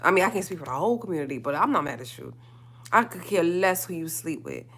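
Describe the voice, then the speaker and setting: Woman going off on a livestream, lowish voice, keeps repeating herself for emphasis, slangy. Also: animated, quick pace, a bit bright, husky. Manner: emphatic, repeating lines for stress, with slangy asides. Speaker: livestream host. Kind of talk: heated solo livestream rant.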